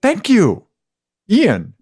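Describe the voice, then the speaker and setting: A man co-hosting a podcast in casual chat, excitable, his voice jumping up high when surprised. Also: extremely slow, breathy edge. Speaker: podcast co-host.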